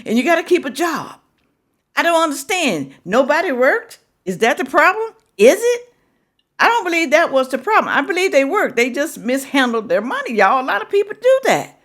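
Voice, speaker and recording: A woman's voice: high-pitched, sing-song, normal speed, fairly bright tone. Woman hosting a reaction vid, scolding and lecturing, voice swings all over the place. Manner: scolding, lecturing and repeating points. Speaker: reaction video host. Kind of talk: reaction commentary.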